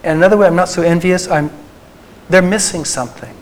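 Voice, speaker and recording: Christian psychologist addressing a group; earnest, tender delivery, slightly higher male voice. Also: fairly even intonation, rough recording. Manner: earnest, tender, slows for emphasis. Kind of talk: faith talk to a live group.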